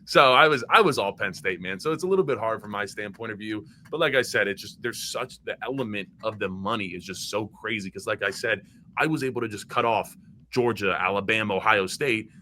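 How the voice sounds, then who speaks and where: A young adult man from Maryland, a former college football player appearing as a podcast guest, chats casually in a loose way, full of fillers and restarts. His voice sits on the low side and moves a little fast with a sharp tone. There's a slight hiss or hum in the recording.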